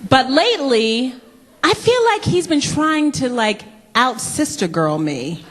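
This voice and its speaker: A woman performing a stand-up comedy set, telling animated stories and jumping up high whenever she quotes people. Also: a little slow. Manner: animated storytelling, jumps high for quoted voices. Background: audience laughter.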